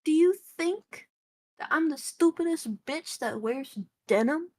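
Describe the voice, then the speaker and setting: A woman from Michigan, a guest on a stream, chatting in a silly, animated way with frequent laughter and swearing. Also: sits high, measured pace. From Michigan, USA. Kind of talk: casual stream chat.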